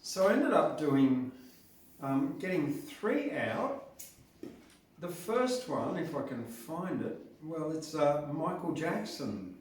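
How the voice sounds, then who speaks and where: A man introduces his poems at an open mic night in a rambling, hesitant way. His voice sits a little high, and he speaks slowly. He is heard from a distance in a very roomy hall. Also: big pitch swings. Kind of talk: casual poetry reading intro.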